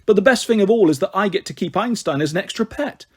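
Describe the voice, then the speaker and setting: A man reading aloud and voicing a cheerful, clumsy young girl witch in excited chatter. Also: high-pitched, quick pace, breathy edge. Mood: eager.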